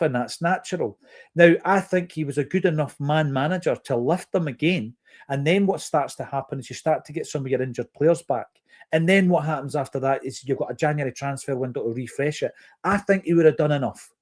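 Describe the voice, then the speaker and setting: A man's voice: mid-range voice, darkish tone. Opinionated Scottish man hosting a podcast. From Fife, Scotland. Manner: earnest, opinionated, measured with fillers. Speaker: podcast host reading listener comments. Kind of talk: football podcast chat.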